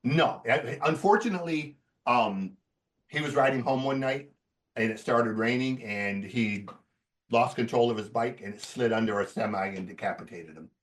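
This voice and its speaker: Profane, animated male podcaster. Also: medium pitch, moderate pace, far from the mic. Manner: profane, animated storyteller who laughs as he talks. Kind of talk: casual podcast storytelling.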